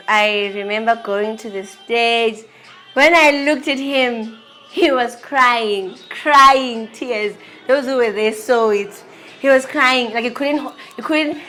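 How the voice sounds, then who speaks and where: A woman tells her own story in an animated way, acting out quoted dialogue. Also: on the high side. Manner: animated, acts out quoted dialogue, restarts often. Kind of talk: personal storytelling talk.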